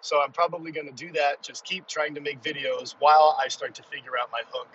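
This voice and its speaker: A middle-aged man talks through a casual solo podcast from his parked car, rambling and poking fun at himself. His voice is bright and forward, and the recording is a little dull, with faint vehicle noise under it. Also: on the high side, fairly quick, distant mic. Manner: rambling, self-deprecating, excitable. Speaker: podcast host.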